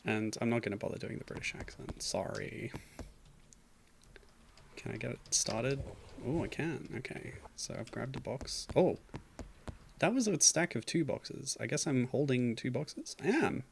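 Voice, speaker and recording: A man's voice: mid-range voice, animated, unhurried, gravelly, slight background noise. A man streaming a game, chatting casually and reading game text aloud with dry, self-mocking asides. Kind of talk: casual gameplay commentary.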